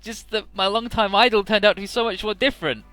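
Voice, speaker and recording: A man voicing a dismayed young woman whose idol has let her down, in a shrill voice. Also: steady tone, fast talker, bright, forceful tone, clean tone, no room sound, soft background music.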